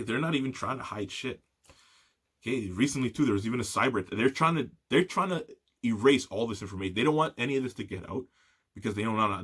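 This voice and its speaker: A man's voice: mid-range voice, fairly bright tone, slightly rough. A young man hosting a solo talk show, ranting heatedly with lots of swearing and a repeated "okay". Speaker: podcast host.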